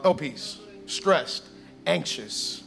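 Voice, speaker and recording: Man, pastor, lively sermon, high voice, faint music behind, acts out little scenes. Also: drawn-out words, vocal fry. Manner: calls for audience response.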